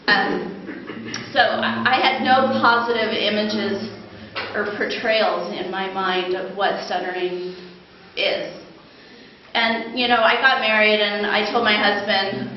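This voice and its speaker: A woman's voice: mid-range voice, steady tone, a little slow, slight background noise. Woman who stutters, echoey hall. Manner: stutters, with repeated words and restarts. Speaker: conference speaker. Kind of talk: personal talk about stuttering. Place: large echoey conference hall. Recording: echoey, dull lo-fi hall recording.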